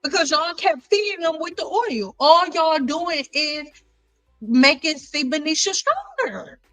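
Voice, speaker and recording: A woman hosting a hair care live stream, joking around in a playful, animated way and repeating lines for effect. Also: high voice, a little slow, low-quality recording.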